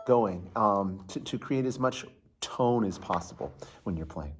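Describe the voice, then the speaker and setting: A man's voice: on the low side, animated, moderate pace, faint music behind. A man giving a casual violin lesson, chatty and full of fillers, counting beats aloud and singing rhythms. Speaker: violin teacher.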